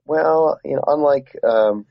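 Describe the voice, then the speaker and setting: A man's voice: fairly high pitch, slow, gravelly, no echo. A man being interviewed about his book, talking casually with many fillers. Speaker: author and interview guest. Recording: dull, dry lo-fi line.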